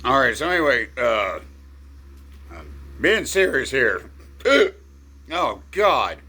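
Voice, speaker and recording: A man with the hiccups talking casually to camera, halting and full of filler words. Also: mid-range voice, sing-song, pushed and bright, breathy edge. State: has the hiccups. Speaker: vlogger. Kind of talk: rambling casual monologue.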